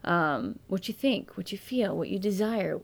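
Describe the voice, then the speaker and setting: A woman talks earnestly through steps of prayer in a relaxed conversation. Her voice has a gravelly edge. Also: mid-range voice, unhurried. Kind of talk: casual faith conversation.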